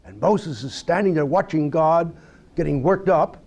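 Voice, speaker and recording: A man's voice: fairly high pitch, moderate pace, gravelly. A man teaching a Bible study in a conversational lecture style, reading scripture aloud and asking rhetorical questions. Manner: animated, reads scripture aloud.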